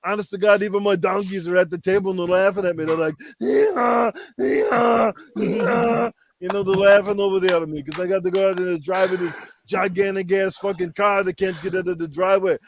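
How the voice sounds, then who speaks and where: A man doing a crude, brash impression of an aging action-star man, ranting loudly with lots of swearing on a podcast. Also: sits high, a little fast, few pauses, crowd noise. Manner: loud, profane ranting.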